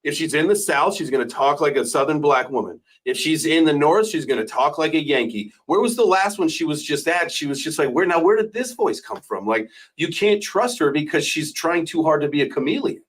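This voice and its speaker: A man's voice: fairly high pitch, animated, a little fast, few pauses, poor audio. A man hosting a casual debate stream, joking and teasing his guest. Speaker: host.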